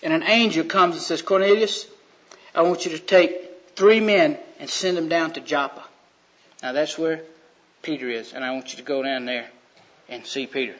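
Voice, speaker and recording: A man's voice: fairly high pitch, normal speed, a bit bright. A man preaching a sermon in a folksy, joking way, acting out voices as he retells stories. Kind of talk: sermon with storytelling. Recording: dull lo-fi sound.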